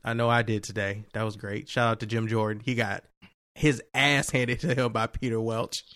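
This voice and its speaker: Slangy, animated podcast host man. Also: medium pitch, moderate pace, no echo, studio quality. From Virginia. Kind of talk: casual podcast chat.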